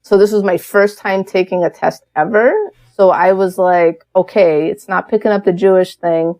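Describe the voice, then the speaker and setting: A woman's voice: on the low side, moderate pace. A woman guest on an interview podcast, telling her story in a casual, candid way with lots of fillers. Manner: chatty, many fillers, animated and candid.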